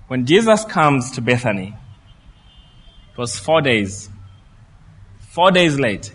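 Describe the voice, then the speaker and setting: A man preaching a sermon, telling the story in a lively way and acting out what the people in it say. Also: medium pitch, takes it slowly, pauses often, husky, long reverb tail. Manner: lively storytelling preacher who acts out the quoted speech.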